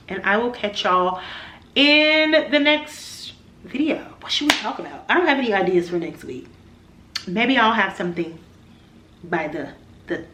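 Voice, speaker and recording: A woman's voice: medium pitch, a bit bright. Playful woman in her forties chatting. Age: 40s. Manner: playful and emphatic, teasing asides. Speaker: vlogger. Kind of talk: casual chat to camera.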